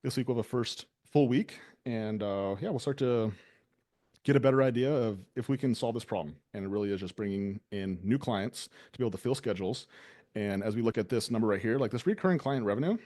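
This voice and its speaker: A man's voice: on the low side, brisk, mellow. A man hosting a casual business talk, loose and conversational, with many fillers. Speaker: business owner and show host.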